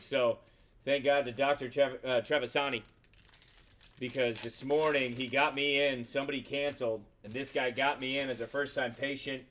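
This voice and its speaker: Host, male, smooth clear voice, flat delivery, casual and profane card-break chatter. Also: medium pitch. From Central Florida. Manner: casual, swears freely, rattles off player names. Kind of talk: live box break commentary.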